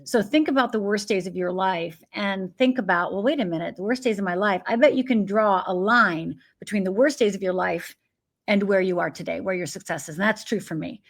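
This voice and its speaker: A woman's voice: mid-range voice, normal speed. A woman from Upper Michigan, a guest life coach, telling her personal story in an interview and acting out the voices of people in it. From Upper Michigan, USA. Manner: vivid storyteller who acts out quoted voices.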